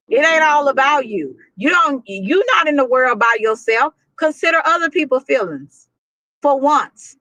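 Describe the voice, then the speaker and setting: A woman's voice: sits high, pushed and bright, dry recording, poor audio. A woman with a Texan accent hosting a livestream, giving blunt, preachy relationship advice with lots of restarts. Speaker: livestream host. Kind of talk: casual livestream talk.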